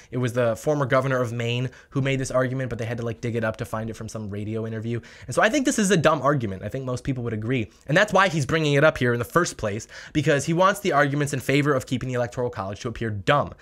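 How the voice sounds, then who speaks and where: A man's voice: mid-range voice, a bit bright. A man hosting a political opinion vlog, talking in a sarcastic, mocking manner. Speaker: political commentary host.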